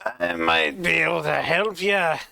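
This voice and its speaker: Brief: gruff little old dwarf, rough Scottish accent, high and shouty. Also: male voice, wildly swooping pitch, measured pace, no room sound, clean studio sound, full character voice. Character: small old bearded fantasy dwarf, gruff.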